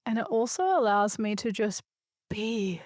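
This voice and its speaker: A woman's voice: a little high, big pitch swings, a little slow, darkish tone, no echo, studio quality. A woman hosting a solo podcast, talking in an earnest, emphatic, reflective way. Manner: earnest, emphatic and spiritual, with a few loose swears. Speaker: podcast host.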